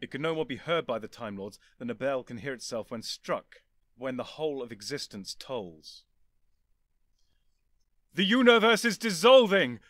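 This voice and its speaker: A man reading a story aloud as narrator, in a lively, expressive storytelling manner. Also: medium pitch, normal speed, dry recording, clean studio sound. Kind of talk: scripted audiobook narration.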